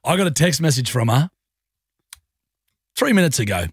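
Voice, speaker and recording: A man's voice: medium pitch, sing-song, moderate pace, breathy edge, no room sound, studio quality. A man hosting a radio show, telling a funny story about home with self-mocking banter. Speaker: radio host. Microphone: studio mic.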